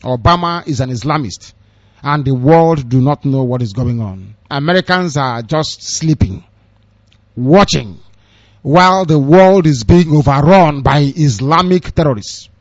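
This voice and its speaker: A man's voice: fairly high pitch, lively intonation, measured pace, dry recording. A man with a Nigerian accent giving fiery, sarcastic political commentary on the radio, scolding his listeners. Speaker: radio broadcaster. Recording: dull lo-fi dry radio recording.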